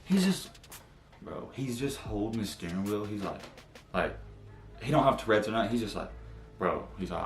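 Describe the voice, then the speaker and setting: A young man telling a casual storytime, slangy and animated, acting out what friends said. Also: lowish voice, normal speed, long pauses, echoey room. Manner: animated, slangy, acts out quotes.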